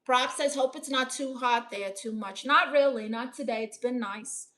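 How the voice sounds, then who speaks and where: A young woman from Brooklyn reading out her chat on a casual livestream, dry, deadpan and sarcastic. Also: on the high side, moderate pace. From Brooklyn, New York. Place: home in Los Angeles.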